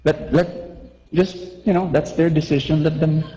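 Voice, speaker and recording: Guy preaching, kinda high voice, long echo like a big church, acts stuff out. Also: normal speed. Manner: animated, acts out little scenes, asks the crowd questions. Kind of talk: lively sermon.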